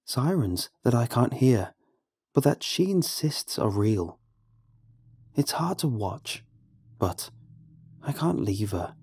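A man narrating a first-person horror story in a somber, measured, grave way. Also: mid-range voice, darkish tone.

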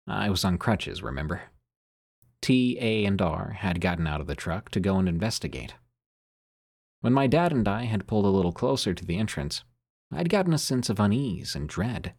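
Deep husky man narrating scary stories. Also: no room sound, clean studio sound. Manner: measured storytelling, sinking quieter on eerie lines. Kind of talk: scripted narration of listener-sent scary stories.

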